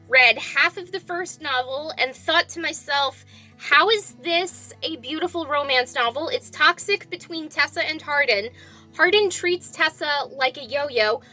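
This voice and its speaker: A woman's voice: high voice, measured pace, sharp tone, soft background music. A woman vlogger reviewing books in a casual, blunt and exasperated way. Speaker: book vlogger. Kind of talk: casual book review vlog.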